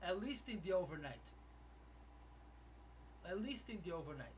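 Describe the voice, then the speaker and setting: A man's voice: sits high, big pitch swings, normal speed, darkish tone, distant mic, a little hiss or hum. A man who runs a live trading room, commenting on his trades as he streams and thinking aloud to his viewers.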